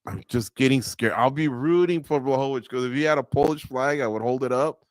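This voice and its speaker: A man's voice: medium pitch, fairly quick, dry recording. A man co-hosting a sports radio show, chatting casually and telling stories, acting out quotes and laughing at his own jokes. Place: studio.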